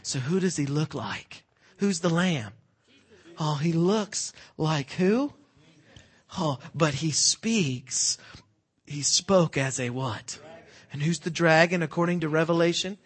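Guy preaching a sermon, fairly high voice, keeps asking the crowd to finish his sentences, goes quiet then loud. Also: expressive, slow pace, breathy edge. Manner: asks the congregation fill-in-the-blank questions; swings between hushed and loud emphatic preaching.

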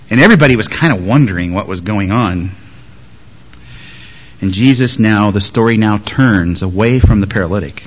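A man preaching a sermon as a pastor, moving between strong emphasis and quiet, softly spoken quotes. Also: fairly low pitch, lo-fi sound. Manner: lively, shifts between loud emphasis and soft quoted words.

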